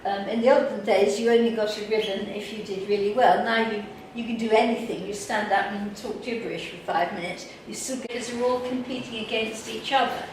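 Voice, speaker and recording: A woman with an English accent giving a workshop talk, telling lively stories and acting out what other people said. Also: medium pitch, fairly quick, few pauses. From England. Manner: lively anecdotal, acts out quoted people. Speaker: workshop speaker. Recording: echoey hall, mic far off, faint noise.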